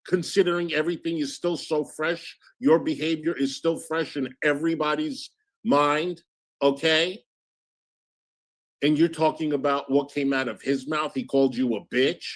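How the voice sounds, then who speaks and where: A man hosting a livestream who argues sarcastically and thanks viewers for donations in a sugary tone. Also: fairly high pitch. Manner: sarcastic, combative, switching to sugary thanks for donors. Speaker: streamer host. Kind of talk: heated livestream argument.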